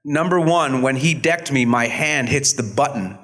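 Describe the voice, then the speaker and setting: A man in his fifties, an actor on a convention panel, telling stories in an animated, self-deprecating way. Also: medium pitch, normal speed. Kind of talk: storytelling panel talk.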